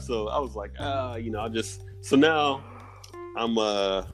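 A man's voice: mid-range voice, unhurried, faint music behind. A man in casual chat, telling a story with frequent laughter.

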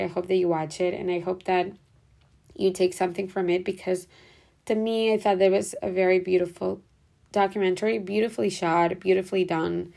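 A woman's voice: lowish voice, vocal fry, a little mellow. A young woman hosting a podcast, talking in a rambling, casual way with lots of "like" and "whatever.". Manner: rambling, heavy use of "like" and "whatever". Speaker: podcast host. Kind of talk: casual reflective monologue.

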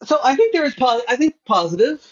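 A man's voice: very high voice, big pitch swings, a little fast. A man in casual podcast chat who hesitates and restarts often, thinking aloud. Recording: dull lo-fi sound.

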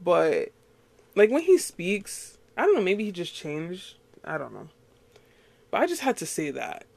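A woman's voice: fairly low pitch, sing-song, measured pace, gravelly, a little mellow, dry recording. A woman from Queens, New York, hosting a casual solo podcast, rambling with lots of fillers and frequent laughs. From Queens, New York City. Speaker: podcast host.

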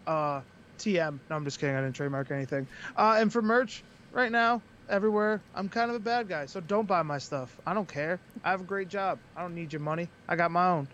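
A young man from Western Massachusetts, a wrestler chatting as a podcast guest in a joking, animated way. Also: high-pitched, fairly quick, dull audio, a little hiss or hum. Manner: joking, animated, mocking impressions. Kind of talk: casual chat.

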